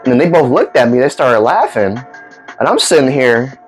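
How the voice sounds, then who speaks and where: Man vlogger, storytime, lively swooping pitch, rambly, faint music under him. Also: moderate pace. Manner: rambling, animated, acts out dialogue. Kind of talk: casual storytelling.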